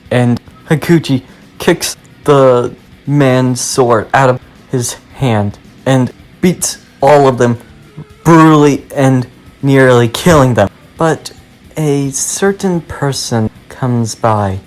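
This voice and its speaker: A man retells a story in a plain, halting manner, taking his time over every phrase. His voice sits at an ordinary middle pitch.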